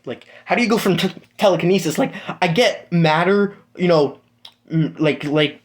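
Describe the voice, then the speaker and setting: A young man casually improvising a fan-fiction story, rambling with lots of fillers and swearing. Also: a little high.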